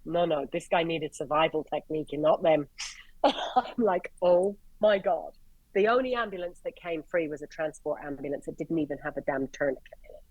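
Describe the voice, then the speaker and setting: An Irish woman from Ireland, a paramedic guest, telling stories in an animated, blunt way, swearing freely and acting out the people she quotes. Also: low-pitched, normal speed, no room sound, low-quality recording. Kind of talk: casual storytelling.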